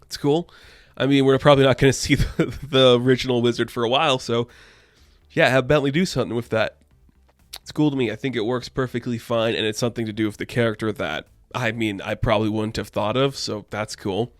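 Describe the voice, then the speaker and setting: A man's voice: medium pitch, steady tone, fairly quick, no echo. Casual man recapping a comic, dry sound. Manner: rambling, heavy use of "like" fillers. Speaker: comic book reviewer.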